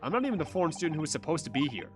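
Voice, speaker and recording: A man's voice: a little high, big pitch swings, very fast, music in the background. A man reading a hesitant young lawyer. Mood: earnest. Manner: hesitant, earnest. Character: earnest young male lawyer, unsure.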